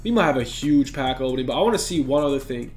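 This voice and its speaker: A young man giving excitable, slang-heavy commentary on a basketball video game and talking straight to his viewers. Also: mid-range voice, quick pace. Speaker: gaming YouTuber. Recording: echoey room with faint music.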